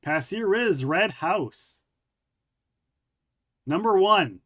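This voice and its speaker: A man's voice: high voice, animated, extremely slow, a bit bright. Laid-back male host reading haunted lists. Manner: laid-back, joking, reads lists aloud. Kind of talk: casual chat.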